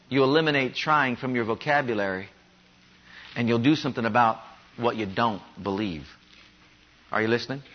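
A man preaching a sermon, pressing his congregation with emphatic, repeated rhetorical questions. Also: medium pitch. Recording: dull lo-fi sermon recording.

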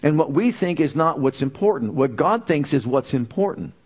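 A man's voice: on the high side, animated, normal speed, husky. A man preaching a sermon, emphatic and full of rhetorical questions.

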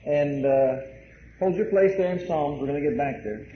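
A man's voice: a little high, moderate pace. A male pastor preaching a sermon, emphatic, repeating key phrases and addressing the congregation directly. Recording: roomy, dull, faint hiss.

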